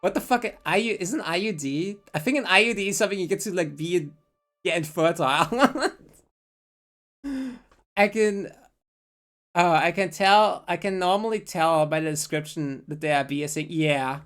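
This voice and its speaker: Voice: mid-range voice, normal speed, fairly bright tone, soft background music. A streamer commenting on a game live, blunt and rambling with frequent swearing and laughing asides.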